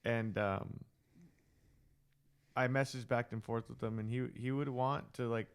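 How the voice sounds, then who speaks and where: A man hosting a podcast in casual chat, speaking in a relaxed way and pausing with fillers. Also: medium pitch, smooth. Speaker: podcast host.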